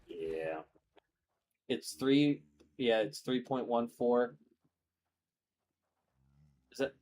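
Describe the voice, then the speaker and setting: A man's voice: mid-range voice, animated, drawn-out words, a little mellow, slight background noise. A young man hosting a gaming stream, chatting casually and greeting viewers as he plays. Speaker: streamer host.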